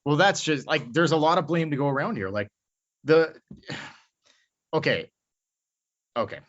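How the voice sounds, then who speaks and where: A man's voice: a little high, lively intonation, a little slow, fairly bright tone. A man co-hosting a podcast, talking bluntly and with lots of swearing in casual chat. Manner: blunt, profane, worked up. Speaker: podcast co-host. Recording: muffled lo-fi podcast audio.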